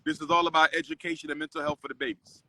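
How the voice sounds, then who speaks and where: A man hosting a casual street conversation outdoors, talking in an animated, preachy way. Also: on the high side, rapid-fire, background noise. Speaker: host.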